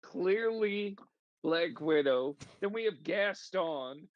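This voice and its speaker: A man playing a tabletop game, joking loudly and swearing a lot. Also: high voice, animated, slow, dry recording, muffled recording. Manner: loud joking, heavy swearing. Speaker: player. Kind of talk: casual chat at a tabletop game.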